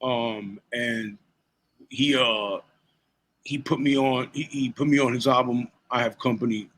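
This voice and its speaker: On a rough recording, a man in his forties who raps and DJs speaks in a mid-range voice at an unhurried pace. Telling stories in a casual interview, he swears freely and laughs between lines with animated energy.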